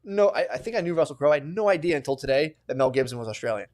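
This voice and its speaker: A man's voice: on the high side, animated, racing, a little mellow. A man co-hosting a podcast, rambling through crude jokes in casual banter and laughing often. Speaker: podcast co-host.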